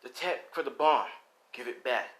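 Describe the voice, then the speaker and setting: A man voicing a stern young male vigilante hero, talking low and clipped, close to his own voice. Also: normal speed, a bit bright, close to an everyday voice.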